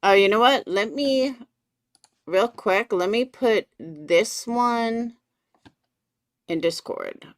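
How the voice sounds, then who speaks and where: A woman's voice: mid-range voice, takes it slowly, pauses often, no echo, studio quality. A woman hosting a casual live stream from her computer, chatting with viewers and greeting them by name. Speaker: livestream commentary host.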